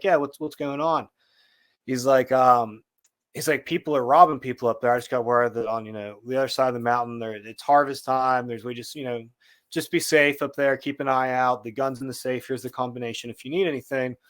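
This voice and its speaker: A man as a podcast guest, telling a story in a casual, animated way and acting out what people said. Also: mid-range voice. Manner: animated storyteller, acts out quotes.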